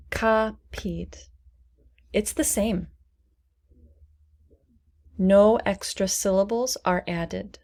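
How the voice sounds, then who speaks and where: A woman teaching English pronunciation, saying single words slowly and clearly for learners to repeat. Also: mid-range voice, a little mellow. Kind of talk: slow, deliberate pronunciation lesson.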